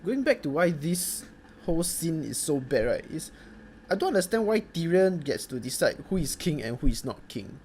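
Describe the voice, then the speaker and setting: A man's voice: on the high side, big pitch swings, normal speed, a little hiss or hum. Singaporean man ranting in Singlish slang. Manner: loud, sweary, mocking, Singlish slang. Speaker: video reviewer. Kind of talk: comedic review rant.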